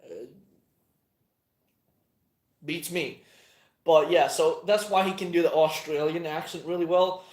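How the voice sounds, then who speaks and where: A man's voice: on the high side, darkish tone. A man talking casually in a rambling monologue, swearing often and trailing off with plenty of fillers. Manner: profane, meandering, halting with many fillers. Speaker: channel host. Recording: echoey room.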